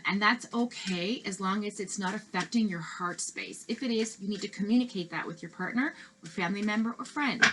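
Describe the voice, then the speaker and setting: A woman's voice: medium pitch, noisy background. A woman reading tarot cards in a casual, chatty and reassuring way, with many fillers and restarts. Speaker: tarot reader.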